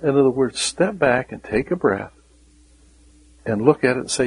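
A man preaching a sermon, earnest, repeating key words and dropping to a hushed voice when quoting scripture. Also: medium pitch, expressive, moderate pace, pauses often, slight background noise, poor audio.

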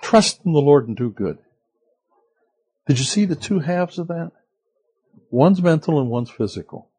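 A male pastor delivers a sermon in an unhurried, conversational way. His voice has a slight husky grain, and he often turns to the listeners with rhetorical questions. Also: fairly high pitch, animated, darkish tone.

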